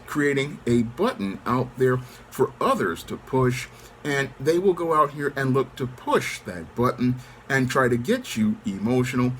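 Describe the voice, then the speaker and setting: A middle-aged man hosting his channel, speaking in a calm, controlled monologue. He keeps a measured tone and often repeats set phrases. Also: medium pitch, a little hiss or hum. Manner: calm, controlled, even-toned delivery. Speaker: channel host. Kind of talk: monologue to camera.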